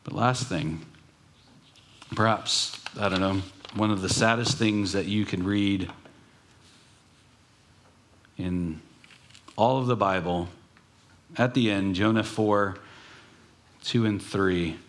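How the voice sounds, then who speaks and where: A man's voice: lowish voice, takes it slowly, long pauses. A man preaching a sermon as pastor, earnest, with emphatic rising bursts.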